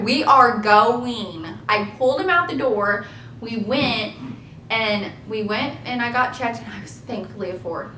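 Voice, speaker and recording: A young woman tells her story in a casual, chatty vlog voice. Her tone is bright and slightly high, and she talks in animated bursts with a self-mocking laugh now and then. The echoey room carries a faint low rumble behind her. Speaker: vlogger.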